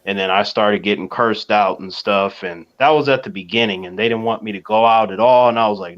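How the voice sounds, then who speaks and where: A low-voiced man tells a long story on a casual talk panel, easygoing and measured, dropping soft fillers as he goes. The sound comes through dull and lo-fi. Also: animated.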